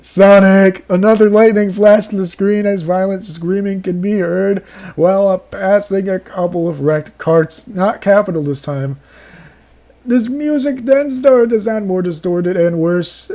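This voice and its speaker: A man's voice: sits high, unhurried, mellow. A man reading a horror story aloud and mocking it with sarcastic remarks and bursts of laughter. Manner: sarcastic, breaks into laughter and outbursts. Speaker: reader and commentator.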